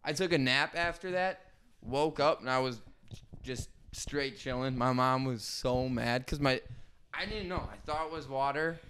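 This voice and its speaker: A young man hosting a podcast, telling an animated story in casual chat and swearing freely. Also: medium pitch, measured pace, smooth. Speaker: podcast host.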